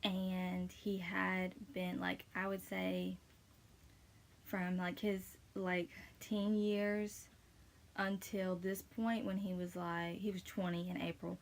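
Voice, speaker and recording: A woman's voice: on the low side, level tone, slow. A young woman casually telling a personal faith story, rambling with many fillers, emotional and close to tears. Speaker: vlogger sharing testimony.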